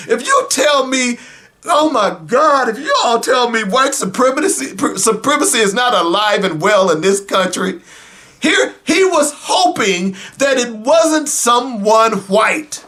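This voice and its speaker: Male radio host, high-pitched, unhurried, sarcastic, shouts for emphasis, talks right to the audience. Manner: animated, sarcastic, bursts into shouting; addresses listeners directly and casually. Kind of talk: talk radio commentary.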